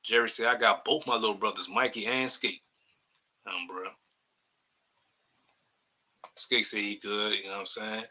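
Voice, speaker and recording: Bright-voiced New man hosting a podcast. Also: on the low side, steady tone, a little slow, pauses often, muffled recording. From New Orleans area. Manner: loose, rambling, reads chat comments aloud. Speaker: podcast host. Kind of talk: casual live-stream sports chat.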